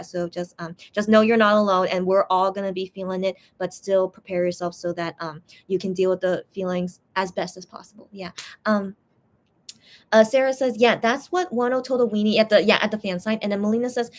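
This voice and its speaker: A young woman with a medium-pitched voice chats casually on a live stream, reading out viewer comments and translating messages. She sounds hesitant, pausing often and restarting many times as she translates.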